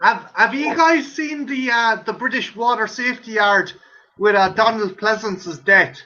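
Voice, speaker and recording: Casual male co-host, bright high voice, profane storyteller, lo-fi stream sound. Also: a little slow. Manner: swears freely, tells gory anecdotes with laughter. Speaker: podcast co-host. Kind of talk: casual chat. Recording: dull lo-fi stream audio.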